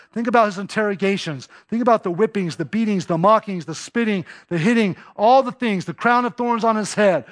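A man preaching a sermon as pastor, emphatic, piling up rhetorical questions and long lists. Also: high-pitched.

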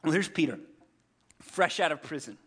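A man in his thirties preaching a sermon, telling scripture stories in a lively, humorous way and acting out the characters. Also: on the high side, moderate pace, husky. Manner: animated storytelling, acts out scripture characters with humor. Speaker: pastor.

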